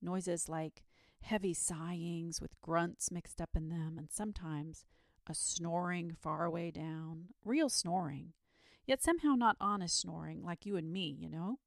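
A frightened rustic shepherd frets and blurts out his worries in plain country speech, as a woman reads him aloud. The voice sits low with a gravelly edge, heard close and dry in a storybook reading. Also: a little slow, dry recording. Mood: agitated. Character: frightened rustic male shepherd, middle-aged.

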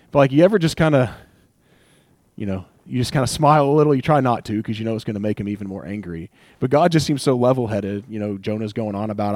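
A young man preaching a sermon in a casual, conversational way, animated and joking, slipping into little acted asides. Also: medium pitch, brisk, no room sound, studio quality. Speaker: pastor.

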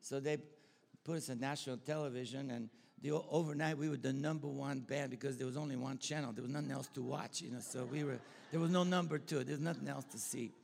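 A man's voice: mid-range voice, steady tone, fast, creaky, a little mellow. An older man from Bulgaria with a Bulgarian accent, preaching informally in a rambling, enthusiastic way full of restarts. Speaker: pastor and school leader. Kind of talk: informal sermon with personal stories. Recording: long hall reverb.

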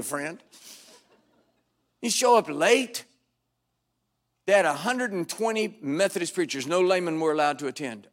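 An older man preaching a storytelling sermon to a congregation, wry and dramatic with sudden loud bursts. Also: high voice. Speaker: pastor. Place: church sanctuary before a congregation.

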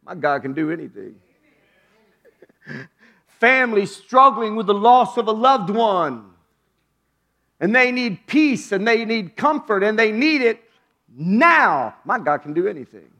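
A man preaching a sermon from the pulpit. His voice sits high and swings widely. He sinks into hushed low phrases and then climbs to loud, ringing exclamations. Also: big pitch swings, a little slow, pauses often. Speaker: pastor.

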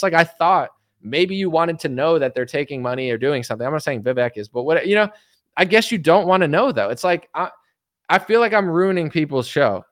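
A man's voice: on the high side, fairly bright tone, no room sound, clean studio sound. Exasperated man in his thirties ranting. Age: 30s. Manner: exasperated ranting, mocking others in put-on voices. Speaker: political commentator. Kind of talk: casual monologue.

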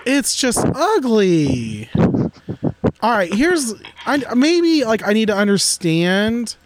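A man co-hosting a podcast in casual chat, joking and excitable, talking in restless bursts. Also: high voice, slow pace, a little hiss or hum. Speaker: podcast co-host.

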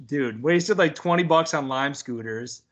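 A young man tells a story in loose podcast chat, cursing freely and laughing along. His voice is bright and pushed forward. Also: fairly high pitch, unhurried. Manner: animated, swears often, laughs through the story. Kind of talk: casual storytelling.

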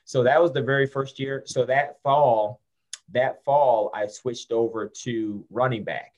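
A middle-aged man from Syracuse, New York, tells a long story in a casual interview. He rambles and restarts his sentences, filling gaps with "you know" and "like." His delivery is animated and conversational. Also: mid-range voice, a little slow, muffled recording. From Syracuse, New York, USA. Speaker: guest, former college football player.

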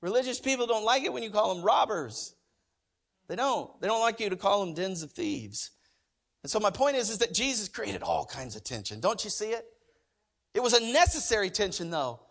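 A man delivers a sermon in a loose, conversational way. He keeps asking the congregation rhetorical questions, sinks into low, quiet asides and then bursts out loudly. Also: big pitch swings, normal speed, gravelly. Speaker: pastor.

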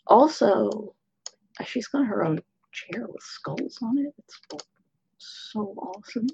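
A woman's voice: mid-range voice, expressive, slow, gravelly, dark tone, breathy edge. A woman player in a tabletop game, talking half-whispered and hesitantly. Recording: dull lo-fi mic.

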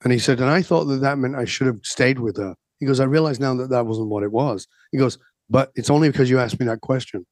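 A man's voice: mid-range voice, fast talker, a little mellow, no echo. A man in an interview, a coach telling stories and asking rhetorical questions. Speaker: guest coach. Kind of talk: podcast interview talk.

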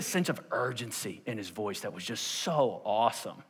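A man's voice: lowish voice, normal speed, slightly rough. A man preaching a sermon in a church, telling a personal story and acting out the voices of the people in it, often checking in with "okay?". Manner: animated, acts out quoted voices, repeats "okay?". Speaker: pastor. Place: church sanctuary. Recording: long hall reverb.

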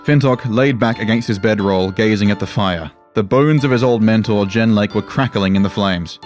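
A man with a fairly low voice narrates a fantasy tale, measured and dramatic in his delivery. A faint guitar plays softly underneath. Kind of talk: storytelling narration.

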